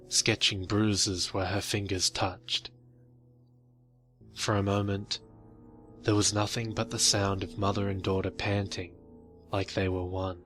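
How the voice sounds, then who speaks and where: A man reading a horror story in slow, measured scripted narration. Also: deep voice, a bit bright.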